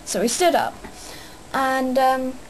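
A woman's voice: sits high, slow pace, slight background noise, low-quality recording. A young woman chatting casually in a vlog, hyper and rambling, with lots of fillers. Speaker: vlogger.

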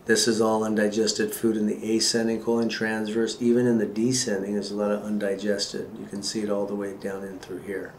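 A man with a lowish voice explains x-ray findings to his patient in a relaxed, joking way. He sounds like a chiropractor at work in an exam room. The room is echoey, with faint noise behind him. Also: fairly quick, hardly any pauses. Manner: casual, joking, talks as he shows.

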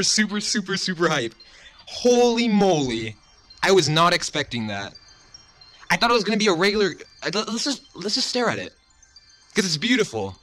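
Young man, game commentary, gushing and breathless, fairly high voice. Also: bright, forceful tone. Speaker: mobile game YouTuber. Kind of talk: excited gameplay commentary.

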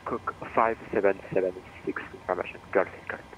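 A man with a French accent working as an air traffic controller, giving hesitant, filler-filled radio clearances. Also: low-pitched, steady tone, lo-fi sound. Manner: hesitant, full of fillers, quick delivery. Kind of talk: radio ATC phraseology.

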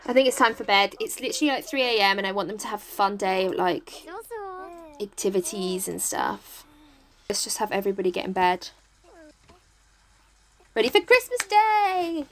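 An English woman chatting excitedly as she plays a life-sim game, cheering on and coaxing her characters. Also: medium pitch, a little fast. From England. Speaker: gaming YouTuber. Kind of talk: casual let's-play commentary. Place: home, top-floor flat.

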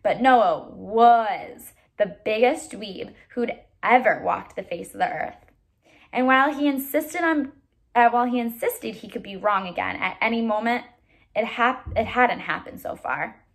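A woman, a teacher, reads a novel aloud to a child, expressive with occasional stumbles. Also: on the high side, unhurried.

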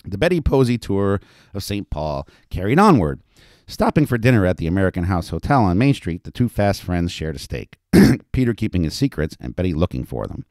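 Brief: low, animated male storyteller, close dry voice. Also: fairly quick, dry recording. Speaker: audiobook narrator. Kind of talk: scripted narration.

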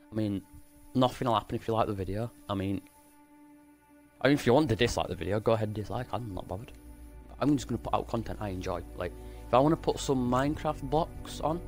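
A man's voice: lowish voice, a little mellow. A man doing casual, rambling gameplay commentary, jokey and full of swearing. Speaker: gaming YouTuber. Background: game music.

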